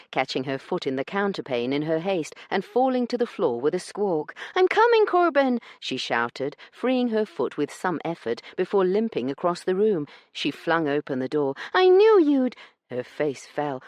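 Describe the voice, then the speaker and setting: A man's voice: fairly high pitch, animated, moderate pace, few pauses, no room sound. Man narrating a romance audiobook.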